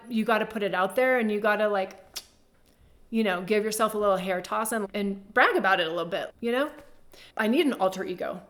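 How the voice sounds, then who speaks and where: A woman hosts a casual monologue at a mid pitch. She talks in a loose, storytelling way, with plenty of fillers and a quick laugh now and then. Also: fairly bright tone. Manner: chatty storytelling, laughs often, uses many fillers. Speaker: host and business coach.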